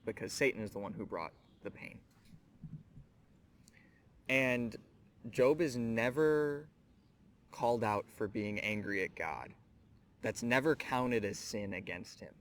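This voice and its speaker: A man's voice: on the low side, slow, pauses often, a bit bright. A man hosting a scripture teaching show, speaking earnestly and reflectively, addressing the listener directly. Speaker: host of a Bible teaching show.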